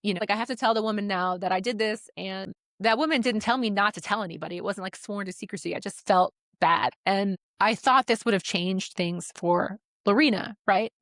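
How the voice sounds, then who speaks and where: A woman's voice: medium pitch, brisk, hardly any pauses, no echo. A podcast co-host, a woman, recounts a falling-out in easygoing conversation. She acts out what each person said. Her voice sits in the middle of the range and sounds dry and close to the mic, with no room sound. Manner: animated retelling, acts out quoted dialogue, swears casually. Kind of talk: casual storytelling chat.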